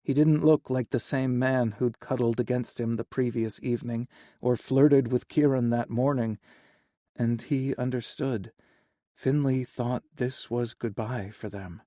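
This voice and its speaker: Warm, mellow male audiobook narrator. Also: medium pitch, fairly even intonation, a little slow, no room sound, studio quality. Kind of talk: scripted narration.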